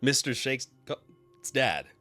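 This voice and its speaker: A man voicing a hearty, burly male paladin father who laughs and talks loudly and jovially. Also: mid-range voice, lively intonation, unhurried, no room sound, faint music behind. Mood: teasing. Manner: boisterous, laughing, loud and jovial.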